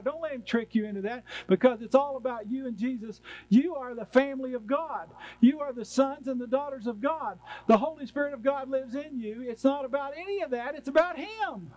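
A man with a high-pitched voice preaches to his church congregation. He presses each point with emphatic, repeated refrains, rising and falling as he builds. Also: fairly quick, few pauses, darkish tone, low-quality recording. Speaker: pastor. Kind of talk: sermon.

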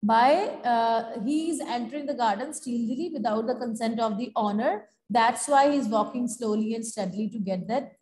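High-voiced Indian English teacher, echoey room. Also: female voice, normal speed, few pauses, a little mellow. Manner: explanatory, switches between English and Hindi. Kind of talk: classroom lesson, explaining a story. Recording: echoey room with long reverb.

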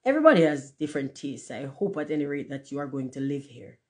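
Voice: medium pitch, very animated, fast talker, a little mellow, lightly acted. A reader voicing a peaceable, plain-spoken female duck in a storybook reading, mild and practical.

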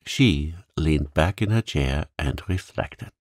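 Deep, slow, gravelly male sleep-story narrator. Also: expressive, no room sound, clean studio sound. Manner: slow, gentle and soothing. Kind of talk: calm bedtime story narration.

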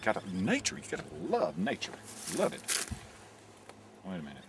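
A man's voice: sits low, wildly swooping pitch, normal speed, noisy background. A man giving a mock-serious nature walk outdoors on a trail, with dry, jokey guide patter. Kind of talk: deadpan comic narration. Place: outdoors on a wooded hiking trail.

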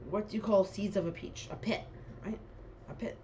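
A young woman vlogger chatting casually, reading quiz questions aloud and thinking out loud about her answers. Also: mid-range voice, steady tone, moderate pace, muffled recording, a little hiss or hum.

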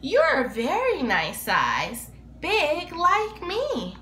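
A woman's voice: very high-pitched, wildly swooping pitch, very slow, sharp tone, voice pushed up, exaggerated voice. A woman voicing a large, kind, shaggy creature in a soothing storybook voice. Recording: echoey room, faint background noise.

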